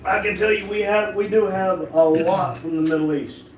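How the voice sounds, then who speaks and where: A man's voice: high voice, fairly even intonation, normal speed. A man co-hosting a livestream, chatting casually and explaining viewer stats. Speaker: livestream co-host. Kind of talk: casual chat. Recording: roomy mic with faint noise.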